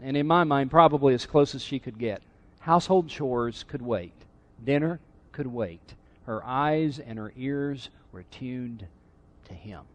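A middle-aged male pastor preaching a sermon in a church, conversational and teasing the congregation. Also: mid-range voice. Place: church sanctuary.

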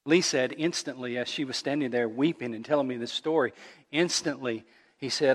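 A male pastor preaching a sermon, telling a story and rising louder and higher at its emotional peaks. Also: moderate pace, long reverb tail.

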